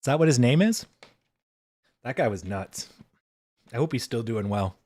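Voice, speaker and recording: A man hosting a casual livestream, talking in a relaxed, loose way and swearing freely into a desk microphone. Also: medium pitch, moderate pace, no echo. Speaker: livestream host.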